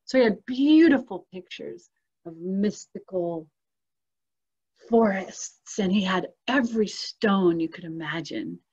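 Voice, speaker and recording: A woman telling her own life story in a casual conversation, animated and expressive, acting out the voices she quotes and laughing often. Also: mid-range voice, takes it slowly, breathy edge. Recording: dull lo-fi sound.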